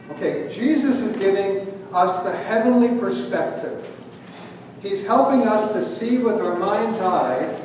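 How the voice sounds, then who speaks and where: In a church sanctuary, a Canadian pastor gives a sermon, sharing stories and posing questions to those gathered. He has a high-pitched voice with a darkish tone. The sound is distant and echoey, with a faint hum.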